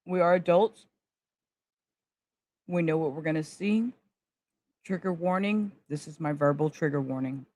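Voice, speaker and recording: A woman's voice: low-pitched, normal speed, a little mellow, no room sound. Woman chatting to her live-stream viewers. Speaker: livestream host. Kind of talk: casual live-stream commentary.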